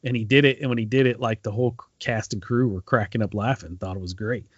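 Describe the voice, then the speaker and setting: A man's voice: lowish voice, steady tone, fast, no room sound, dull audio. A man co-hosting a podcast, retelling a story in a rambling casual way with lots of ums and restarts. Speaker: podcast co-host. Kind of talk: casual chat.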